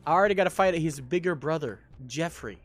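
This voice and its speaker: Lively high-voiced young male streamer. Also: quick pace, soft background music. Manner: joking, self-deprecating, chatting to viewers. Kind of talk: live gameplay chat.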